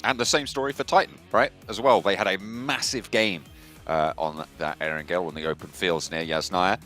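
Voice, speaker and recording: A man trading lively remarks while co-casting an esports match. His voice is fairly low yet bright, with faint music behind. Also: moderate pace. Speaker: esports caster. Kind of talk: live esports commentary.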